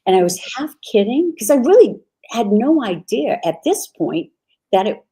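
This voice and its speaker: Woman guest telling her story, mellow soft tone, kinda exasperated. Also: fairly high pitch, sing-song, moderate pace, husky. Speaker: guest, aunt of a former cult member. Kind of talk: personal storytelling in a podcast interview.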